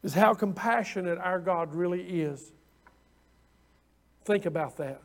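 A middle-aged man delivers a sermon with a notably high-pitched voice. His preaching is folksy and conversational, circling back on his own phrases as he talks to the congregation like neighbors. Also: unhurried. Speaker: pastor.

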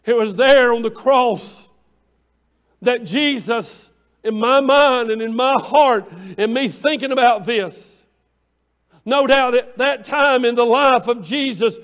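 Impassioned high-voiced man preaching a sermon. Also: slow. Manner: impassioned, swinging from hushed to shouting; repeats phrases in cadence. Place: church room with online viewers.

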